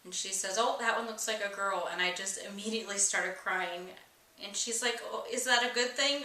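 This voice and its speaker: Young woman vlogging, kinda bright voice, sitting back from the mic in an echoey room. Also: mid-range voice, moderate pace. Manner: candid, emotional, rambling with many fillers. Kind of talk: personal storytelling vlog. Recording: echoey room, distant mic, faint hiss.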